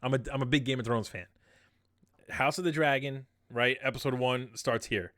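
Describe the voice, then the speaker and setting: A man co-hosts a podcast in casual chat, rambling with lots of fillers. His medium-pitched voice is steady and a bit bright, at a moderate pace, captured in studio quality with no room sound.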